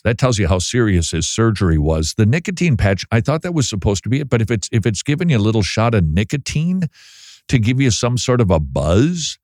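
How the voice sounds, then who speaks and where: A man's voice: fairly low pitch, darkish tone, no echo, studio quality. A middle-aged man hosting a casual Christian talk show, chatty with wry asides, sometimes stumbling over his words. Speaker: podcast host.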